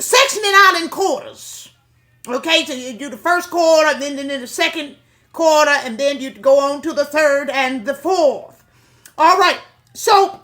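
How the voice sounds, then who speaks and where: A woman's voice: sits high, sharp tone. A middle-aged woman giving a blunt, profane, preachy opinion monologue to her viewers. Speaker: online commentator.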